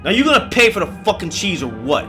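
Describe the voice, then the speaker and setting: A man voicing a proud young male cheesemaker who shouts and swears nonstop in anger. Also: sits high, very animated, quick pace, faint music behind, pitched above the performer's own voice, heavily acted. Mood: furious.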